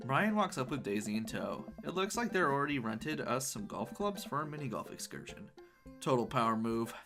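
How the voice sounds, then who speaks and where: A man's voice: medium pitch, lively intonation, a little fast, over music. Jokey man streaming a game. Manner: playful, jokey, does silly voices. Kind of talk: reading game text aloud, joking.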